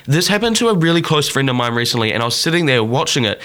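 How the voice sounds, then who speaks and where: Male solo podcaster, mid-range voice, earnest and impassioned, lively pitch swings. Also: very fast. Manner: earnest and impassioned, voice climbing when worked up. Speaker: podcast host.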